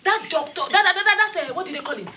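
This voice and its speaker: A woman's voice: very high-pitched, lively intonation, racing, noisy background. A woman playing a hot-tempered Nigerian tenant. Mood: furious. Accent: Nigerian English. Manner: loud, scolding, mocking. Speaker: angry tenant.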